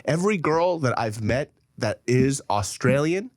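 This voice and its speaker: A man's voice: mid-range voice, lively intonation, a little slow, no room sound, studio quality. A man co-hosting a casual podcast, joking, laughing often and chiming in. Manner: jokey, laughs often and chimes in. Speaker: podcast co-host.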